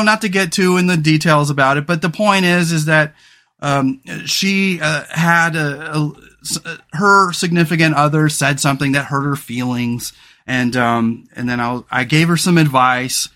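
A man's voice: a little high, normal speed, sharp tone. A man hosting a solo podcast in casual talk, rambling and frank, with many fillers and restarts. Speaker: podcast host.

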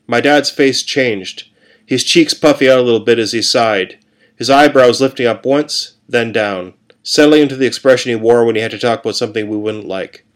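A man reading a first-person story aloud in a calm, steady way. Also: medium pitch, moderate pace.

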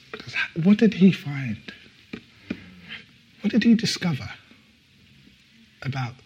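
Husky-voiced preaching man, emphatic. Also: mid-range voice, lo-fi sound. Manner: animated, emphatic preaching with repetitions and laughs. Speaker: pastor. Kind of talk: sermon. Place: church service.

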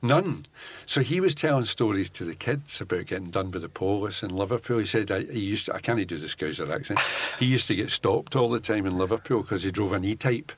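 An older Scottish man, a former undercover police officer, telling animated stories in an interview and laughing often as he acts out what people said. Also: fairly low pitch, fairly quick, few pauses, slight background noise. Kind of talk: anecdotal storytelling in an interview.

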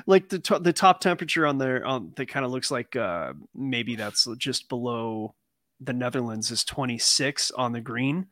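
A man hosting a casual political podcast, talking in a relaxed, hesitant way with many fillers. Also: mid-range voice, moderate pace, no echo. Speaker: podcast host.

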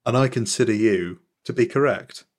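A man's voice: medium pitch, normal speed. A man in casual podcast chat, running a quiz with a dry, playful, teasing manner.

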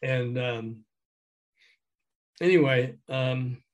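An older man, a guest in an interview, telling animated anecdotes with chuckles and acting out quoted dialogue. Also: medium pitch, extremely slow. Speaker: guest, former record promotion man. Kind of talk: casual storytelling interview.

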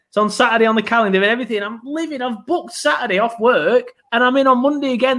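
A man hosting a football podcast in loose, rambling chat. His voice sits a little high for a man, and his talk is full of fillers and restarts. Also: fast talker, hardly any pauses, a bit bright. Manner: chatty, rambling, lots of fillers. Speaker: podcast host.

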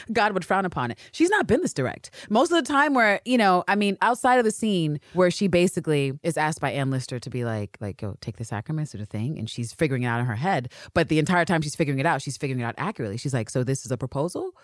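Woman podcast co-host, low voice, dry close sound, loose and profane. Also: fast talker, dry recording. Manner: animated, swears freely, acts out characters' lines. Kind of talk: casual recap chat.

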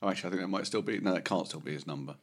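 A man's voice: sits low, rapid-fire. A middle-aged man from London, co-hosting a podcast in a chatty, jokey way and laughing easily. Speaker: podcast co-host. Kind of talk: casual chat.

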